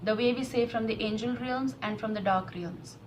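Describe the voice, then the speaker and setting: A woman's voice: on the high side, normal speed, slight background noise, rough recording. A woman giving an emotional, repetitive tarot reading to camera. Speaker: tarot reader.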